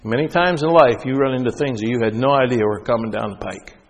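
Male pastor, animated sermon delivery, mid pitch, long hall reverb. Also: fast talker. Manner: animated preaching, rising and loud at high points, dropping soft for stories.

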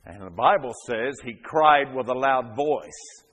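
Man, pastor, sermon, very slow deliberate delivery, loud fervent peaks, quiet drops. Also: medium pitch, husky.

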